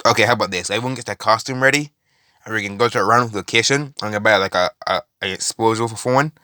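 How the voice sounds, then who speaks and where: Blunt, bossy gang leader, as a man puts him on; low, flat delivery, close dry sound. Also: fast talker, clean tone, no echo. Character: tough male gang leader with a gun.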